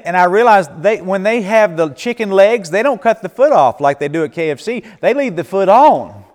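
A folksy man, speaking a little high, telling stories to a church crowd. He laughs often, restarts sentences, and his voice rings with a long reverb in the hall. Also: animated, normal speed, a little mellow. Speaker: missionary speaker. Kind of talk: church Q&A talk.

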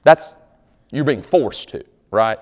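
Lively conversational male pastor preaching. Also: mid-range voice, moderate pace. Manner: conversational preaching with jokes, reads scripture aloud. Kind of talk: sermon.

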